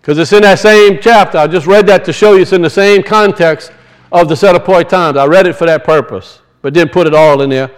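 Pastor, male, high voice, homespun storytelling sermon delivery. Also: a little fast, clean tone, low-quality recording. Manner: folksy storytelling, rising to emphatic scripture reading.

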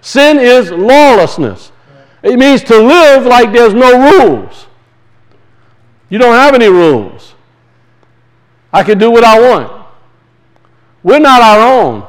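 A man preaching a sermon, talking conversationally and with passion, drawing words out for emphasis and reading scripture slowly. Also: sits high, very animated, poor audio. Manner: reads scripture aloud slowly and deliberately.

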